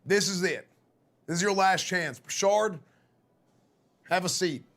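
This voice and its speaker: A hoarse man on a live gaming stream, rallying like a coach in a loud, profane pep talk. His voice sits high and sharp, with a forceful edge. The rasp of a worn-out voice runs through every line. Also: measured pace. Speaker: streamer playing a football coach.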